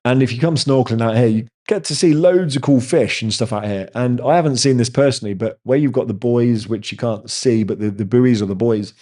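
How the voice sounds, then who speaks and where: A man's voice: medium pitch, brisk, few pauses, darkish tone. A man, hosting a casual live chat with viewers and telling rambling stories. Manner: rambling, chatty storyteller. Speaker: host answering viewer chat.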